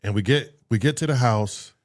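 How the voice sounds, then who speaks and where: A man's voice: mid-range voice, normal speed. A man casually telling a story on a talk show, acting out what people said and swearing freely. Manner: animated, acts out voices in his story. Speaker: podcast co-host telling a story.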